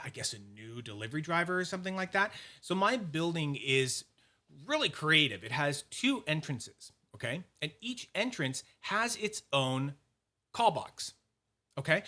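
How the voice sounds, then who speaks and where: A young man from Canada telling a casual story on his vlog, animated and swearing, acting out the people he dealt with. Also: on the high side. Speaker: YouTube fidget collector host.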